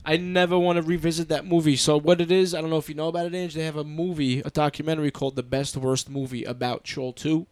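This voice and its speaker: A man's voice: fairly high pitch, little pitch movement, quick pace, hardly any pauses, a little mellow, no echo. A man in casual chat, blunt and dismissive, swearing casually.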